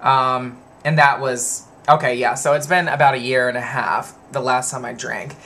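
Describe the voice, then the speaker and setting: A man's voice: mid-range voice, fairly even intonation, moderate pace, pushed and bright. A man in his twenties talking casually to camera in a vlog, rambling and digressing as he tells a personal story. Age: 20s. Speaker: vlogger.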